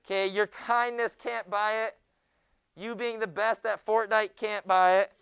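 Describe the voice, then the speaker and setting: A young man teaching a junior high Bible class in a classroom, joking with the students and often hushing them. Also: flat delivery, a little slow, gravelly. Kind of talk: classroom lecture.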